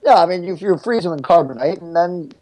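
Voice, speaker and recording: A man co-hosting a podcast, laid-back and quick to laugh, with loose fillers. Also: high-pitched, lively intonation, a little mellow, dry recording, poor audio. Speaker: podcast co-host. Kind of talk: casual podcast banter.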